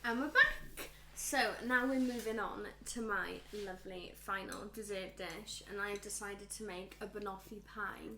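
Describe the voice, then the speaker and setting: A woman's voice: mid-range voice, a little slow, hardly any pauses, very noisy. A woman co-hosting a casual podcast, telling stories animatedly and acting out what people said. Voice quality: animated storyteller who acts out quotes. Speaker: podcast co-host and cook. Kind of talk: casual chat. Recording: roomy echo.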